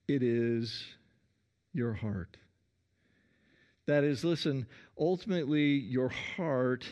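A man preaching a sermon in an earnest way, often calling "listen" and pausing between phrases. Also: medium pitch, gravelly, darkish tone. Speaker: pastor.

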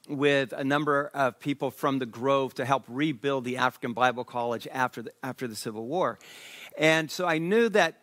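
A man preaching a sermon, reading scripture slowly and breaking off into an animated story. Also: on the high side. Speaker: pastor.

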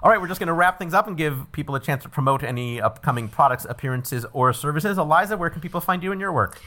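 A man's voice: fairly high pitch, animated, quick pace, pushed and bright. A man hosting a comedy quiz podcast, joking breezily as he wraps up and reads the plugs. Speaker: quiz show host.

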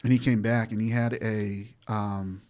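Low-voiced man telling stories. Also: a little slow. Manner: animated storyteller, acts out quotes. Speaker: guest, former corrections officer. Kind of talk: casual storytelling.

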